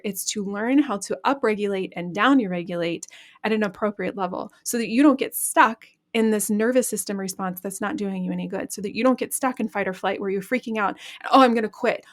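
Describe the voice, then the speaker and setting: A woman hosting a podcast, calmly guiding listeners through an EFT tapping session with repeat-after-me phrases. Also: mid-range voice. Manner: calm instructive, leads repeat-after-me phrases. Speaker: podcast host and EFT coach. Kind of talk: guided EFT tapping lesson.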